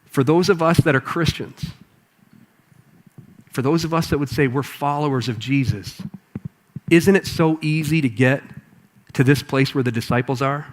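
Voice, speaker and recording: A man preaching a sermon to a congregation in a conversational, animated way. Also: mid-range voice, moderate pace, pauses often. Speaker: pastor. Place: church auditorium with congregation.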